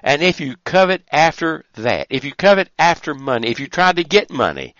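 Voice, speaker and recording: Man, preacher; emphatic sermon delivery with a lively, swinging pitch; dry, slightly dull recording. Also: normal speed, no room sound. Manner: emphatic, rising to a fervent pitch on repeated phrases.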